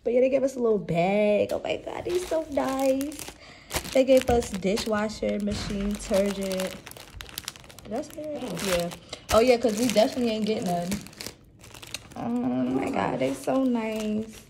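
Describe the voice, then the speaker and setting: A woman's voice: medium pitch, normal speed, creaky. A woman in her twenties chatting casually to her viewers in a vlog. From New York. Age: 20s. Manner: chatty, addresses viewers as y'all. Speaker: vlogger. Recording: noisy background.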